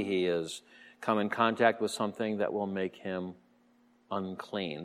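Man teaching scripture in a reverberant hall. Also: on the low side. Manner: relaxed, explanatory, frequent "uh" fillers and soft chuckles. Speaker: Bible teacher. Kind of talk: verse-by-verse sermon teaching.

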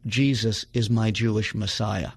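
A man's voice: lowish voice, steady tone, unhurried, vocal fry, breathy edge. A man hosting a religious talk show, reading a testimony aloud with dramatic emphasis, then talking casually with some fillers. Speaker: radio show host.

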